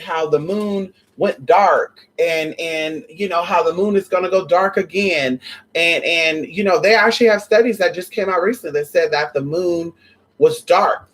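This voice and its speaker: A spiritual vlogger talking casually and excitedly to viewers, swearing often and rambling with many restarts. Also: mid-range voice, poor audio. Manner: profane, excitable, addresses viewers as y'all and honey.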